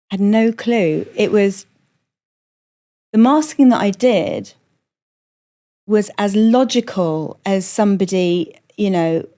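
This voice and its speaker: Animated middle-aged Englishwoman with a middle-class accent. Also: mid-range voice. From London, England. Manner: animated, jokey, quick asides. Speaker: guest, comedian. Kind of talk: candid conversational storytelling.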